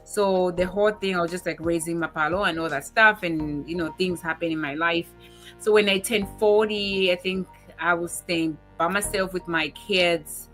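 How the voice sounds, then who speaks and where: A woman's voice: on the low side, moderate pace, soft background music. A woman in her forties hosting a talk show, chatting casually and acting out the people in her stories. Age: 40s. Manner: animated storyteller who acts out quoted dialogue. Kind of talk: casual chat.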